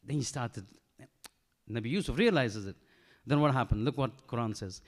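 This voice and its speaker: A man giving a sermon, telling a story with lively acted-out dialogue and Urdu phrases mixed in. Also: mid-range voice, moderate pace, pauses often. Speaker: preacher.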